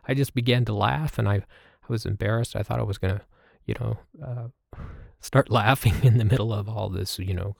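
Low-voiced guy rambling thoughtfully, lots of uhs, dry close sound. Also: gravelly, a little mellow, no room sound. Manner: reflective, halting, many fillers. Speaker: podcast host. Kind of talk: personal storytelling about meditation.

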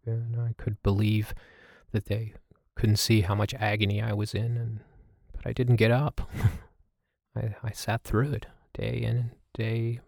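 A man telling a reflective personal story as a host, halting and with many fillers. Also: lowish voice, level tone, creaky, a little mellow, dry recording, studio quality. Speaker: podcast host. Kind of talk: personal storytelling about meditation.

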